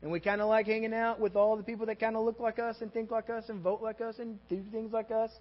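A pastor with a Texas accent delivers a sermon in a church sanctuary, his voice fairly high for a man. He speaks fast and addresses the congregation like a friend, conversational and animated, tossing in asides and checking that everyone is keeping up. The audio is a little dull, and a long reverb tail trails each phrase.

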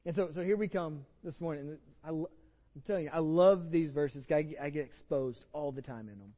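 High-voiced Texan pastor preaching in a hall. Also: male voice, brisk, lo-fi sound. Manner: conversational, repeats words when starting phrases. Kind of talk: sermon. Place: church sanctuary.

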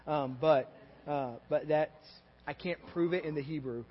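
A Texan-accented man preaches in a sanctuary, and his voice sits fairly high for a man. He talks to the room like a friend, tossing in asides and checking that people are following along. The sound is a bit dull, with a long reverb tail hanging off each phrase. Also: unhurried. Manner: conversational and animated, with asides and audience check-ins. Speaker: pastor. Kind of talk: sermon. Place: church sanctuary.

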